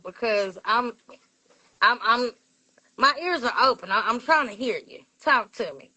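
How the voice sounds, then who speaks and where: A woman from Texas, a guest telling lively, animated stories in a casual interview and acting out the voices she quotes. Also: fairly high pitch, normal speed. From Fort Worth, Texas. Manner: says "y'all", lively and chatty. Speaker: interview guest, PR business owner.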